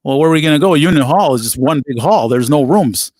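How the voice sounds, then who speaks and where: Middle-aged musician guest, chatty and animated, dry close mic, lively pitch. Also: male voice, quick pace, dry recording. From United States. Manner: animated anecdotes with laughs and quoted voices. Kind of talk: casual storytelling interview.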